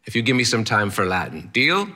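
A man's voice: lowish voice, sing-song, brisk, sharp tone, exaggerated voice. A man voicing an old, eccentric male Latin teacher who is blunt and theatrical, with a haughty, exclaiming drawl. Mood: encouraging.

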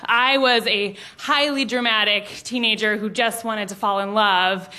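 A woman from Montana telling a personal story live on stage, animated and self-mocking, acting out the quotes. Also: mid-range voice, measured pace.

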